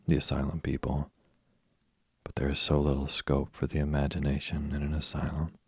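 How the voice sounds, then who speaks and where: A man voicing a chatty, imaginative orphan girl in a storybook reading, in his own very deep, gravelly voice. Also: darkish tone, dry recording, studio quality, full character voice. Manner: eager nonstop chatter.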